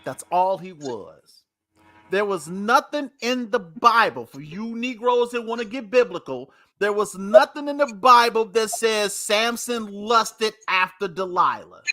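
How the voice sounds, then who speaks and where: A man with a high, lively voice tells a story to his co-hosts in animated casual chat. He sounds bright and emphatic, and he repeats key points to drive them home. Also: a little slow, soft background music. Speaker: podcast host.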